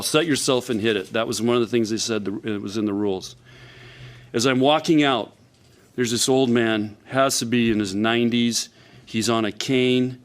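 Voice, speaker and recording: A man, a volleyball coach, telling a folksy anecdote at a press conference. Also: medium pitch.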